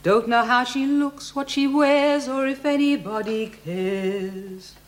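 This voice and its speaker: A woman's voice: a little high, takes it slowly. An actress playing a mournful woman prisoner who sings a sad folk ballad in a drama series clip.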